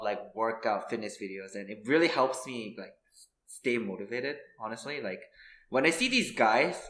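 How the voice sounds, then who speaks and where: A man's voice: mid-range voice, fairly bright tone. A young man in his twenties co-hosting a podcast, chatting casually with lots of fillers, restarts and easy laughter. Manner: rambling, filler-heavy, laughs easily. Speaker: podcast co-host. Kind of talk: casual chat. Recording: echoey room.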